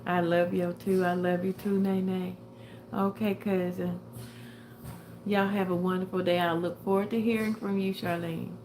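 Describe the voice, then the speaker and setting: A woman's voice: on the low side, little pitch movement, moderate pace, noisy background. An older woman chatting casually with viewers on a livestream, a little tired and short of breath. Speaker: livestream host.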